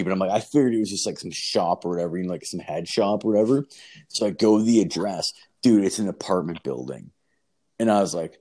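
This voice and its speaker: A man's voice: low-pitched, a little fast, a little mellow. A man telling a story in casual chat, rambling and swearing, with lots of filler words.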